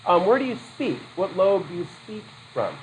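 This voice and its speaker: A man's voice: sits high, very animated, normal speed, a little hiss or hum, poor audio. A man teaching a psychology class in a loose, conversational lecture, quizzing students with questions and adding casual asides. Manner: loose, self-correcting delivery with asides.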